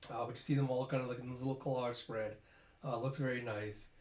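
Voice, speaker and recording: Guy reading a manga chapter out loud, chill and chatty, mid voice, echoey room. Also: medium pitch, fast. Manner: casual, animated, uses sound effects and fillers. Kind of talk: casual chapter read-through with commentary. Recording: roomy echo.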